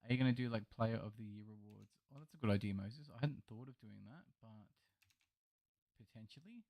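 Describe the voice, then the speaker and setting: A man's voice: on the low side, a little fast, vocal fry, a little mellow, no echo. Chummy Australian man streaming, dry sound. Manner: chummy, greets viewers with mate and bro. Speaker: live streamer. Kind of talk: casual chat reading live chat while gaming.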